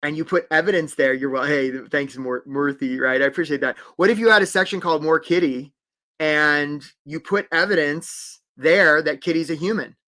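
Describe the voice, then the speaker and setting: A man's voice: fairly high pitch, normal speed, pushed and bright. A man coaching job seekers in a live webinar, upbeat and encouraging, calling out viewers by name.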